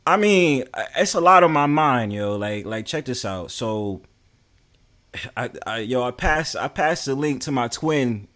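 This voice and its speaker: A man's voice: medium pitch, moderate pace, fairly bright tone. A man talking casually on a livestream, blunt and profane, full of slang and restarts. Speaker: streamer host.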